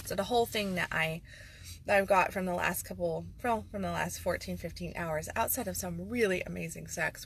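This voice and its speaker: A woman's voice: on the low side, steady tone, normal speed, gravelly, a bit bright, a little hiss or hum. A woman life coach talking frankly and emphatically in a casual video monologue, with sarcastic asides.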